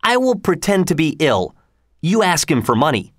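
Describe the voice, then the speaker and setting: A man reading a storybook voices a cunning beggar boy who wheedles and schemes. The voice is lifted and sing-song, sly rather than loud, on a dry close mic. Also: on the high side, very animated, moderate pace, no echo, pitched above the performer's own voice. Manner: coaxing, sly.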